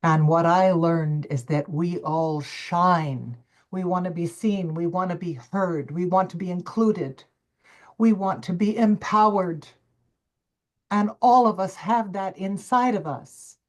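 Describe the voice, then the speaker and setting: An older woman, a coach appearing as a summit guest on a video call, recounts her path in a personal storytelling interview. She speaks slowly and emphatically in a voice somewhat low for a woman, dramatically acting out her own inner dialogue.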